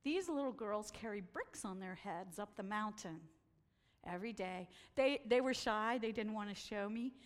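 A woman telling stories from a slideshow talk, animated and acting out the voices she quotes. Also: mid-range voice, normal speed, big-room sound. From United States. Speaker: speaker presenting photos.

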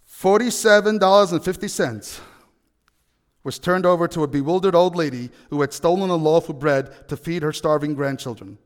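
A man preaching a sermon, telling a story with animated, emphatic peaks. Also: on the high side, normal speed, in a large hall. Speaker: pastor.

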